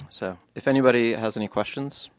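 A man's voice: mid-range voice, a little fast. A man, an author, reading passages from his book to an audience and then answering questions in a loose, chatty way.

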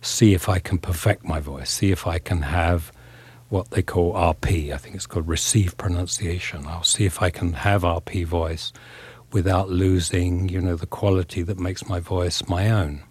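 Male actor guest from England: deep, husky, reflective, unhurried. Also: steady tone. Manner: thoughtful, measured, searching for words. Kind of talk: reflective interview talk.

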